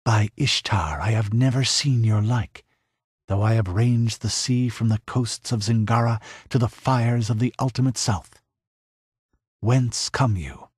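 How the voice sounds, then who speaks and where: A man's voice: medium pitch, unhurried, slightly rough, dry recording, studio quality. A man voicing a proud, fierce young pirate queen who speaks in a commanding, passionate way. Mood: demanding.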